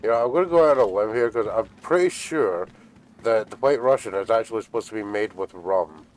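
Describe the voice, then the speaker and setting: A man's voice: on the low side, expressive, a little fast, a little mellow, rough recording. A man streaming a video game, teasing his friend and swearing at the game as he plays. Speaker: gaming streamer. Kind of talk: casual gaming commentary.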